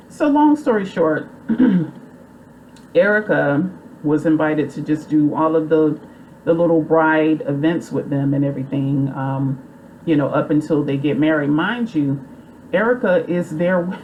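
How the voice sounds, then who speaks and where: A woman's voice: low-pitched, unhurried, a little mellow, muffled recording, slight background noise. A woman casually recapping a movie plot in a rambling, chatty way full of fillers. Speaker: movie reviewer.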